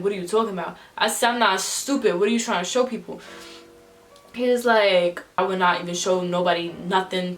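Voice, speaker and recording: Young woman telling a slangy storytime. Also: medium pitch. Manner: animated, slangy, acts out quotes in different voices. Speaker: vlogger. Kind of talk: storytime vlog.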